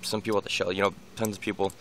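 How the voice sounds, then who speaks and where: A man's voice: sits low, flat delivery, very fast, a bit bright, slight background noise. A man talking casually in a vlog about training his dog, rambling with many restarts and repeated words. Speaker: dog owner giving training tips. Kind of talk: casual unscripted vlog monologue.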